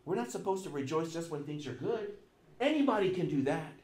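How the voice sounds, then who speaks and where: A man's voice: fairly high pitch, animated, fairly quick. Emphatic preaching man in echoey church. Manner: emphatic preaching with repetition and sudden loud and soft swings. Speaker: pastor. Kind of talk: sermon.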